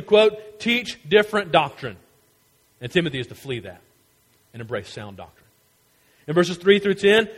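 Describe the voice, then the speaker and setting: Pastor guy preaching, kinda high voice, emphatic, repeats stuff, big echoey hall. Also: fairly bright tone. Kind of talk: sermon.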